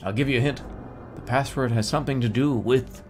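A man streaming a video game, talking to chat in an animated way with sudden yelps and casual swearing. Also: medium pitch, a little fast. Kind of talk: live gaming stream commentary. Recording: game music in background.

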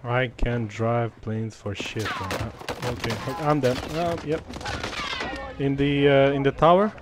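A man's voice: mid-range voice, steady tone, unhurried, noisy background. A Romanian man streaming a shooter game, swearing and switching between English and Romanian. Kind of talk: live gameplay commentary. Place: home streaming setup. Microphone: desk microphone. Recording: loud game gunfire behind.

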